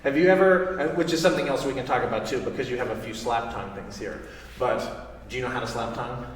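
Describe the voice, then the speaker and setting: A man's voice: medium pitch, quick pace. A man teaching a saxophone master class. He quizzes the student in an encouraging way and sings articulation syllables to demonstrate them. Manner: encouraging, asks the student questions. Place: recital hall with audience. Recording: distant, echoey hall recording, faint noise.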